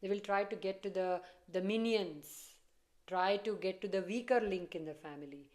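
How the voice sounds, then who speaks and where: A woman's voice: mid-range voice, normal speed, a little mellow. A woman giving a casual tarot reading, chatty and repetitive, often breaking into laughter. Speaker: tarot reader.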